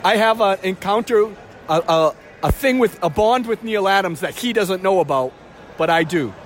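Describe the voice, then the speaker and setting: A comic book vendor at an outdoor convention booth, talking in casual chat, hesitant and repeating himself. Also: male voice, sits high, lively intonation, normal speed, slight background noise.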